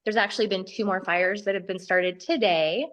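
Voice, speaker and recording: A woman's voice: mid-range voice, steady tone, moderate pace, fairly bright tone. A woman taking part in a group video call, telling her own story candidly and laughing often between sentences. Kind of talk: casual personal sharing.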